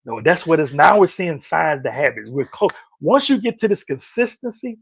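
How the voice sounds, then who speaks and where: Male motivational minister, husky gravelly voice, punchy repeated lines, dry close sound. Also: on the high side, sing-song, moderate pace, dry recording. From North Carolina. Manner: emphatic, repeats key phrases, rising to loud peaks. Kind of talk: motivational preaching to camera.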